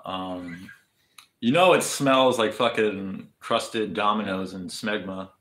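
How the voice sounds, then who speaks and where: A man's voice: on the low side, slow pace, a bit bright, echoey room. A man livestreaming, chatting casually with viewers in a crude, rambling way full of restarts. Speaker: livestreamer answering chat.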